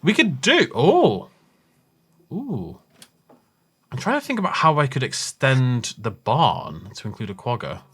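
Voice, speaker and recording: A man's voice: mid-range voice, wildly swooping pitch, measured pace, pauses often, a bit bright, slightly rough. A man hosting a Minecraft let's-play, rambling and thinking aloud as he chats casually with his viewers. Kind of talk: casual gameplay commentary.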